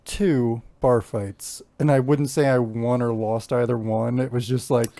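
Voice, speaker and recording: A man co-hosting a casual chat, telling stories in a relaxed, sarcastic way. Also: mid-range voice, measured pace, gravelly. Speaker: podcast co-host. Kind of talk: casual post-show chat.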